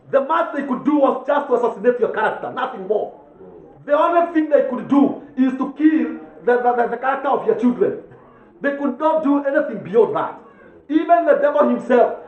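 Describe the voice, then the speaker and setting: A Kenyan man preaching a fervent sermon as pastor, switching between English, Swahili and Kikuyu. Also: very high voice. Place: church hall. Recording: echoey church, tinny phone-like sound.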